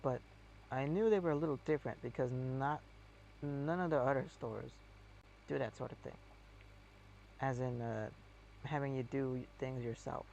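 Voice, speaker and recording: A man with a gravelly, fry-heavy voice chats casually as he plays. He rambles and hesitates, reaching for words, over a faint engine hum. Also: mid-range voice, fairly even intonation, moderate pace, pauses often, darkish tone, dull audio. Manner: rambling and hesitant, with many fillers. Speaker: game streamer. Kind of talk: casual chat while playing a game.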